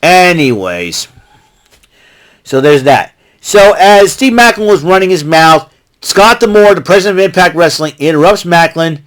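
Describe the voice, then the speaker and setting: An American man hosting his own vlog, giving an excitable, rambling recap full of asides and restarts. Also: high voice, moderate pace. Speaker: vlog host recapping wrestling.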